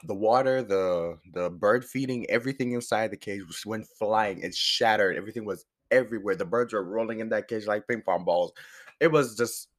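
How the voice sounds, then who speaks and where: A man hosting his own podcast in a rambling, casual way, hoarse from a sore throat and pausing now and then to chew. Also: fairly low pitch. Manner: rambling, chatty, pauses to chew food. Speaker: podcast host. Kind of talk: casual solo podcast chat.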